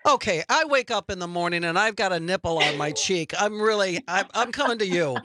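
Playful, bright woman radio co-host. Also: mid-range voice, animated, a little fast. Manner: playful, self-deprecating. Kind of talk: casual radio banter. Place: radio studio. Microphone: studio microphone.

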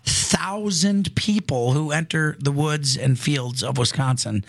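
A man's voice: on the high side, slow pace, vocal fry. Chatty, joking radio host, man. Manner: chatty, joking, restarts often. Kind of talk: casual studio chat.

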